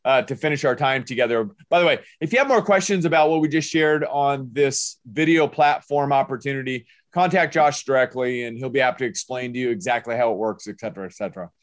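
A man's voice: mid-range voice, fast talker, hardly any pauses, dry recording, clean studio sound. An older man hosting a podcast, upbeat and motivational, fond of wordplay. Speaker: podcast host. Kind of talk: casual podcast interview.

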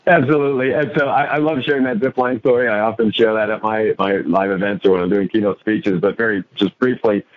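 Animated storytelling man. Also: fairly low pitch, fast, few pauses, lo-fi sound. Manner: animated storyteller, acts out his own lines. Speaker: guest, coach and author. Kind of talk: storytelling interview talk.

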